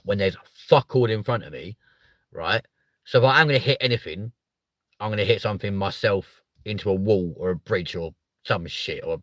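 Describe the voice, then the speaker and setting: A young man hosting a live comedy stream from a car, sweary and mocking, jumping from loud outbursts to muttered asides. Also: lowish voice, dry recording. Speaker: host of a live stream show. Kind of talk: crude comedic live chat.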